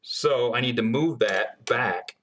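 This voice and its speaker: A man hosts a casual livestream Q&A while he demonstrates how he builds guitars. He reads questions from the chat aloud and answers them in a chatty way, filling his speech with ums. His voice sits at an average pitch. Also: takes it slowly, fairly bright tone, slight background noise.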